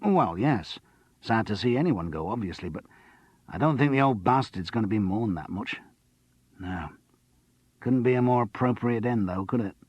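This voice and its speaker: A man's voice: fairly low pitch, expressive, moderate pace, long pauses, breathy edge, no room sound. A man voicing a jovial, crude-humoured male doctor who teases his friend. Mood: gossipy. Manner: teasing, crude.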